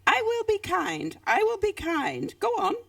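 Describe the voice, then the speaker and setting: A woman's voice: extremely high pitch, wildly swooping pitch, measured pace, vocal fry, dry recording, far from the mic, voice pushed up, exaggerated voice. A woman reading as a kindly scolding lizard. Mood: chiding. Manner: gently reproachful storybook reading. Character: sensible kindly male lizard, patient and scolding.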